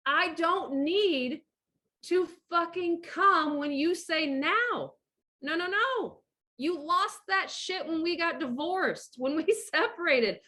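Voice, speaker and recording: A middle-aged woman who is a divorce coach speaks directly to camera in a high-pitched, sharp voice. Her casual monologue is blunt, emphatic and full of swearing, and she bossily gives direct orders.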